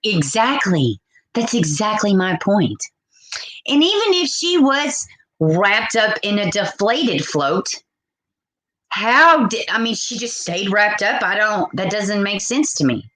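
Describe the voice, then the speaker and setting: A woman's voice: mid-range voice, very animated, takes it slowly, fairly bright tone, low-quality recording. A woman in her forties hosting a live call-in stream, blunt and outspoken as she reads viewer comments aloud. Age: 40s. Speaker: livestream host.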